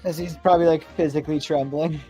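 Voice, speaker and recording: Tabletop player, hesitant, lots of fillers, soft music behind. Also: medium pitch, fairly even intonation, quick pace. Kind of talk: tabletop game play.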